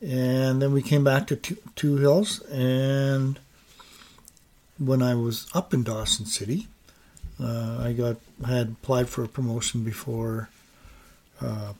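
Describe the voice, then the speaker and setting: An older man from Canada, a podcast guest, telling his life story in a steady, plain way with small fillers. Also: medium pitch, slow. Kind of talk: interview storytelling.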